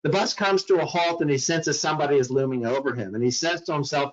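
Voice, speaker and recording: A man's voice: a little high, quick pace, muffled recording. A man giving a talk on mental health to workplace staff, telling a story dramatically and acting out the voices in it.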